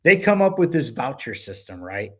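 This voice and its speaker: A man's voice: medium pitch, very animated, normal speed. A man co-hosting a book club podcast, talking in a loose, rambling way with many fillers and restarts. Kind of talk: casual podcast discussion.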